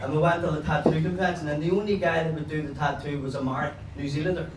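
A man with a Belfast accent doing a stand-up comedy set, rambling through crude stories and now and then breaking into loud shouts. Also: a little high, fairly even intonation, quick pace, roomy sound, distant mic, background noise. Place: pub comedy room with a laughing audience.

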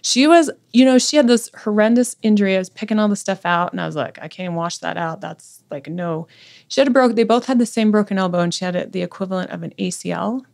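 A woman's voice: mid-range voice, fast, vocal fry, a little mellow. A middle-aged woman, a podcast guest, intensely retelling a story with lots of quoted speech. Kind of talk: conversational storytelling.

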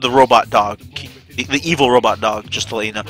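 A man streaming a game who chats casually and excitedly, swears often, and jumps into high-pitched shouts when he acts out his own reactions. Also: normal speed, faint music behind. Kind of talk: casual chat while gaming.

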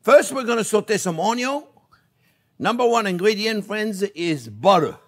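An older Frenchman with a French accent hosts a casual cooking demonstration, chatty and self-amused, laughing at himself and repeatedly calling viewers his friends. His voice sits high with lively intonation and a slightly slow pace. A little hiss or hum can be heard.

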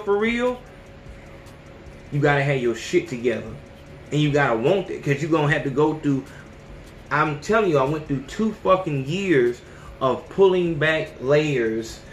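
A man's voice: a little high, fairly bright tone, roomy sound, a little hiss or hum. A man in his thirties hosting a podcast, talking bluntly and profanely in a casual, preachy monologue. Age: 30s. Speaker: podcast host.

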